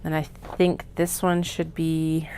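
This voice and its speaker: Vlog crafter, woman with a low gravelly voice, chatty asides, faint room hiss. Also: flat delivery, takes it slowly, mellow. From Canada. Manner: chatty, self-mocking, muttering to herself while cutting fabric. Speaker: craft maker. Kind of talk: casual work-along vlog narration. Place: home sewing studio.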